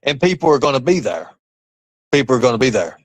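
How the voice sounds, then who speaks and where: A man's voice: medium pitch, big pitch swings, fast talker, no room sound, poor audio. A man livestreaming in a boastful, rambling way, talking to his chat and saying he is cold. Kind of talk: boastful casual livestream rant.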